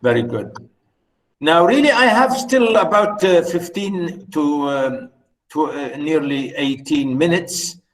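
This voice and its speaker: Halting, slow-talking male lecturer. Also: a little high, animated, low-quality recording. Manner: hesitant, many fillers and restarts; often checks in with students. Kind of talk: unscripted poetry lecture.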